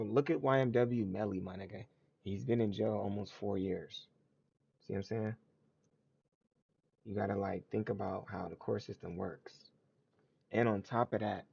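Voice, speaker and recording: A man's voice: on the low side, vocal fry, warm tone, husky, muffled recording. A man hosting a casual livestream, talking to his chat in blunt, slangy, repetitive commentary. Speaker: livestream host.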